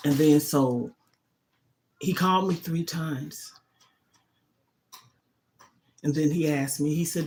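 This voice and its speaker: A woman's voice: sits low, moderate pace, a little mellow. A middle-aged woman hosting a casual livestream, talking emphatically and often checking in with "okay?". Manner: emphatic, keeps asking "okay?". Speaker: livestream host.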